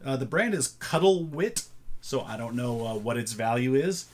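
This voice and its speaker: A man's voice: medium pitch, lively intonation, moderate pace. A man casually chatting through a thrift haul, thinking aloud as he sorts items. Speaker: reseller showing a thrift haul. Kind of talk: casual vlog chat.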